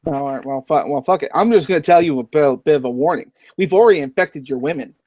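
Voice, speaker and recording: A man's voice: fairly high pitch, fast, a little mellow, no room sound. Give me a sarcastic man joking in a mock-villain tone on a dry mic. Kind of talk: casual chat with a mock-villain bit.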